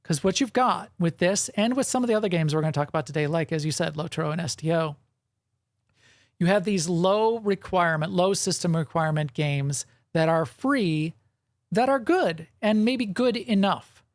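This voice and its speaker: A man's voice: high-pitched, expressive, normal speed, no echo, studio quality. A man co-hosting a gaming podcast in casual chat, rambling and correcting himself, with frequent chuckles. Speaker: podcast co-host.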